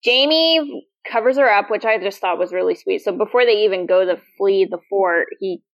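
A woman's voice: mid-range voice, normal speed. A woman co-hosting a podcast, recapping scenes in a casual chat and acting out quoted lines with laughs. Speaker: podcast co-host.

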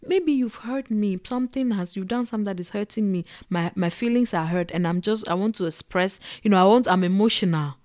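A woman talking casually to camera as a vlogger, animated and digressive, full of fillers and quick laughs. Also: medium pitch, dry recording, studio quality. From Africa. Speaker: vlogger and podcaster.

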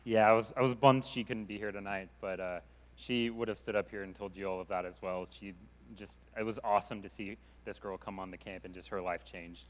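Man, youth pastor, relaxed rambling delivery, lower voice; long hall reverb. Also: fairly quick, slight background noise. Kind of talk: church talk.

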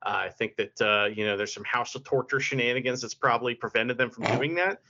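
A man co-hosting a podcast in casual chat, hyping things up in a deadpan, mock-serious way. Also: medium pitch, a little fast. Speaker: podcast co-host. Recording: dull lo-fi audio.

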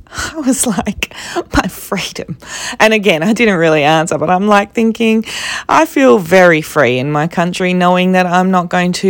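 Aussie girl chatting about her travels, low voice, dry close sound. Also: no echo. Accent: Australian. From Australia. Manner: chatty, animated when quoting others, soft when serious. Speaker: travel vlogger. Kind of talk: casual storytelling.

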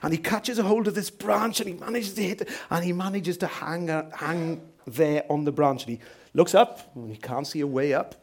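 A man preaching a sermon as pastor in a church, telling stories lively and asking rhetorical questions. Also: fairly high pitch, moderate pace.

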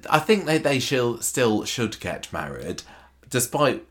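A man's voice: mid-range voice, big pitch swings, slow pace, a bit bright. A man co-hosting a podcast, chatting casually about a soap opera, often restarting and acting out quotes. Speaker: podcast co-host.

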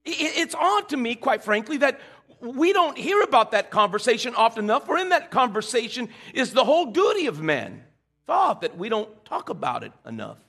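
A man's voice: very high voice, bright, forceful tone. A man preaching a sermon, calling on the congregation to repeat lines and restarting his phrases as he builds a point. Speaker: pastor.

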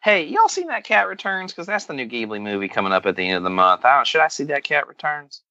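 A man's voice: on the high side, very animated, quick pace, bright, forceful tone, no echo. Joking man in a folksy drawl. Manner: jokey folksy rural drawl put on as a bit. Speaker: podcast host. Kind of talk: comedic podcast banter. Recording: dull lo-fi podcast audio.

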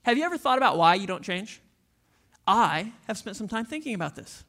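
A pastor giving a sermon in a church, speaking casually to the congregation and acting out listeners in quick asides. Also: mid-range voice, very animated, fairly bright tone. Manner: casual, conversational preaching to the congregation.

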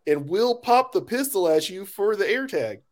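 A man's voice: high-pitched, lively intonation, normal speed. A man co-hosting a casual podcast, joking in a laid-back way. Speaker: podcast co-host. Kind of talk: casual chat.

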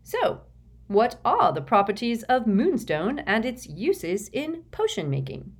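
A woman's voice: fairly high pitch, huge pitch swings, slow pace, slightly rough, pitched above the performer's own voice, exaggerated voice. A woman voicing a lanky teenage schoolboy wizard who hesitates and mutters. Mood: sheepish.

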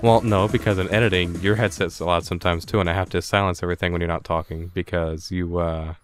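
Rambling, joking podcast host. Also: male voice, low voice, steady tone, fast, clean tone, soft background music. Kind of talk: casual chat. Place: home, over a voice call. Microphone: headset.

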